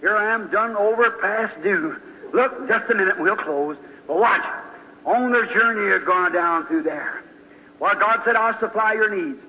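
A man's voice: high-pitched, a little slow. A man preaching a sermon, telling folksy stories and breaking into fervent praise. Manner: folksy storytelling, fervent outbursts. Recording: dull sound in a large hall.

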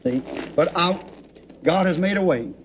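Fervent preacher on old tape. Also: male voice, high-pitched, a little slow, a little hiss or hum. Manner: fervent, rhythmic, storytelling with laughs. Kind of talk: sermon with congregation responses. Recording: dull lo-fi old tape recording.

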